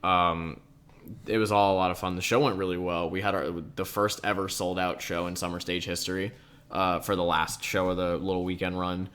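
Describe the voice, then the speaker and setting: A man's voice: sits low, level tone, brisk, a bit bright, clean tone. A young man co-hosting a podcast, chatting casually and rambling, with "like" in almost every phrase and casual swearing. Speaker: podcast co-host. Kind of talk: casual chat.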